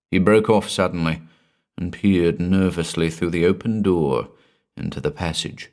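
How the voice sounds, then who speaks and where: A man giving a measured, dramatic scripted narration of a classic horror story. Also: deep voice, a little mellow.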